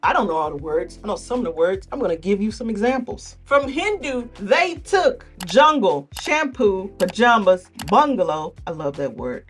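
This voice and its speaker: A woman hosting a casual educational monologue, animated and joking, with rhetorical asides. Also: medium pitch, normal speed, few pauses, soft background music. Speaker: host.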